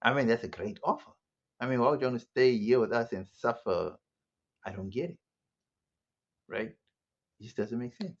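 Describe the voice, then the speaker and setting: A man's voice: mid-range voice, muffled recording. A man giving a sarcastic opinion commentary monologue, full of rhetorical questions. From South Africa. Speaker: online commentator.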